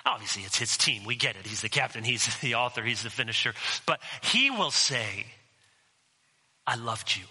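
A man's voice: mid-range voice, expressive, fairly quick, hardly any pauses, pushed and bright, slightly rough, big-room sound, low-quality recording. A man preaching a sermon as pastor, conversational and mixing in humorous asides.

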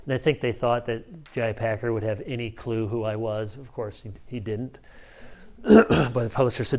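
A man's voice: medium pitch, steady tone, moderate pace, a little mellow. Conversational male pastor preaching. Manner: conversational, emphatic storytelling. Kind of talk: sermon.

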